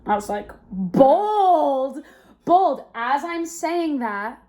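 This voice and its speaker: A young adult woman hosting a podcast, telling a personal story in a casual, animated way, with lots of fillers and laughter. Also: high-pitched. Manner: animated, chatty, quick to laugh, many fillers. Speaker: podcast host.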